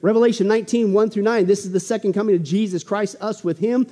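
A male pastor preaching a sermon, swinging between loud exclamations and hushed asides. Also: high voice, fairly even intonation, fast talker, big-room sound.

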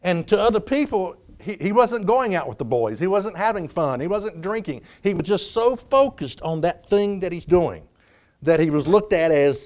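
A man preaching a sermon as pastor, animated, acting out quoted voices, with frequent restarts. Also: high voice, moderate pace.

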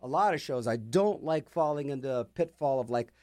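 A man's voice: medium pitch, expressive, a little fast, darkish tone. A man hosting a radio music show, chatting casually between songs with rambling, sarcastic jokes. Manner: rambling, jokey, sarcastic asides.

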